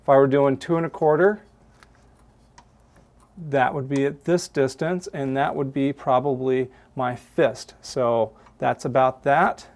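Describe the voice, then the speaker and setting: A man's voice: mid-range voice, steady tone, unhurried, a little mellow. A man who is a photography instructor, patiently talking students through a hands-on darkroom demonstration step by step. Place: college darkroom.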